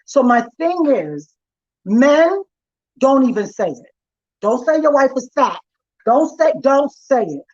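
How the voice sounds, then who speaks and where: A woman's voice: high-pitched, sing-song, slow, long pauses, darkish tone, lo-fi sound. A woman hosting a talk show discussion, insistent and cutting in to make her point. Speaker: host.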